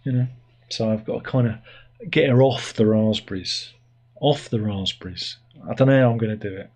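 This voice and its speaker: A man's voice: lowish voice, normal speed, a little mellow. An English man hosting a casual livestream, rambling and self-mocking as he chats, now and then putting on silly voices. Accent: British (England). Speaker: livestream host. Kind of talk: casual chat.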